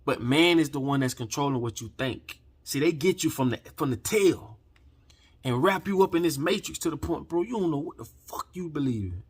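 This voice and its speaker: Husky man ranting, heated and profane. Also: on the high side, lively intonation, normal speed. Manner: heated, profane, preachy, swings from quiet to shouting. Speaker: channel host. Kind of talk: impassioned rant to camera.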